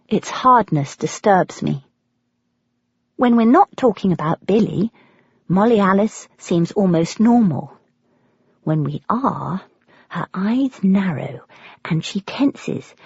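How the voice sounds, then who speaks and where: An English woman narrates a memoir audiobook in a measured, expressive way, her husky voice moving through a wide pitch range. The recording is dry and a little muffled, with no room sound. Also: no room sound.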